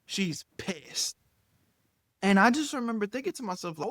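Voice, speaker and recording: A young man tells a personal story to the camera in a loose, profane, animated way. He acts out quotes and swings from quiet asides to loud bursts. His voice sits a little high, and the sound is dry and close. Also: normal speed, no echo. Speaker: storytime YouTuber. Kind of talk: casual storytime monologue.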